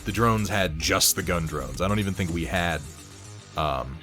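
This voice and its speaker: A man with a low voice and fairly bright tone chats casually on a live stream while painting miniatures, with faint music behind him. He speaks at normal speed, rambles, reads viewers' messages aloud, and swears offhandedly.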